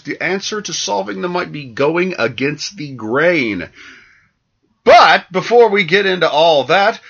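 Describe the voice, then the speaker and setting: A man's voice: a little high, pushed and bright, slightly rough. A man co-hosting a casual comedy podcast, joking and profane while reading sponsor spots. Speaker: podcast co-host. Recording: dull lo-fi podcast audio.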